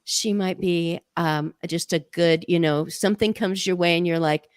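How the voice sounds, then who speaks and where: A woman's voice: lowish voice, steady tone, moderate pace, smooth, no echo, studio quality. An older woman hosting a podcast, chatting casually and telling stories with enthusiasm. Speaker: podcast host. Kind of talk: casual interview chat.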